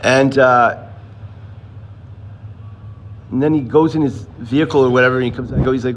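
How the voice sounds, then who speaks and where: A man rambles through a story, swearing often and acting out other people's lines. His voice sits at a middle pitch. A faint hiss of noise runs under his phone-streamed audio. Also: fairly even intonation, normal speed, pauses often, highs cut off. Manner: rambling, profane, acts out quoted voices. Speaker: livestreamer telling a personal story. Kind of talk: casual storytelling to viewers.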